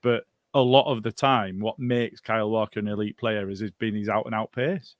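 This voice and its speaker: Chatty podcast co-host. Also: male voice, lowish voice, fairly even intonation, normal speed, no room sound, clean studio sound. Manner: conversational, asks co-hosts questions. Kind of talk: casual football chat.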